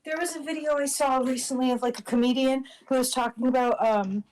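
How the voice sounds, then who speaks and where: A woman's voice: high-pitched, steady tone, brisk, crowd noise, poor audio. A woman guest in a casual stream chat who rambles with fillers, restarts and laughs. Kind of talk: casual chat over a voice call.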